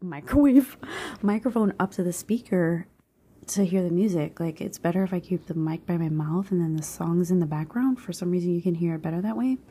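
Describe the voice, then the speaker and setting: A woman's voice: fairly low pitch, quick pace, few pauses, dark tone, slightly rough. A woman vlogger chatting casually and laughing at herself while guessing songs, on a small mini microphone. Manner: giggly, self-mocking. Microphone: small clip-on mini microphone.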